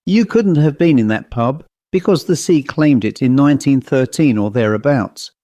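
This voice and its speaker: A man's voice: mid-range voice, normal speed, mellow, no echo, lightly acted. A man reading an audiobook, voicing a proud, rotund police constable in his thirties with a provincial English accent, polite and inquisitive. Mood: uneasy. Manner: polite, inquisitive, increasingly uneasy.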